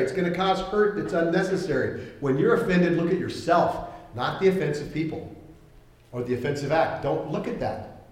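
Animated pastor preaching in an echoey hall. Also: male voice, fairly high pitch, a little fast. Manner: conversational, animated, acts out quoted voices. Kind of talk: sermon. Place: church hall.

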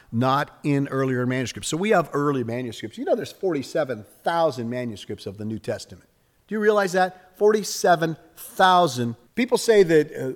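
A man in his sixties delivers a sermon in a lively, conversational manner, slipping into quoted voices and light jokes. His voice sits a touch high for a man. The sound carries the long reverb of a large hall. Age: 60s. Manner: animated, acts out quoted voices, jokes with congregation. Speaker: pastor.

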